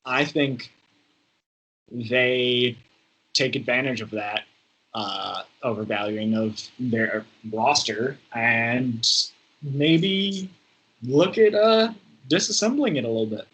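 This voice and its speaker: A man's voice: mid-range voice, takes it slowly, a bit bright, husky, lo-fi sound. A man co-hosting a podcast in casual sports chat, reasoning things through and hedging his opinions. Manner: hedging, thoughtful, says "I don't know" often. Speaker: podcast co-host.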